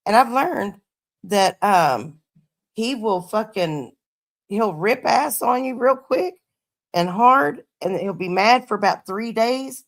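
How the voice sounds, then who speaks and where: Gravelly-voiced woman swearing casually. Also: medium pitch, animated, takes it slowly. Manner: profane, laid-back storytelling. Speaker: livestreamer chatting with viewers. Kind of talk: casual livestream chat. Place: her home.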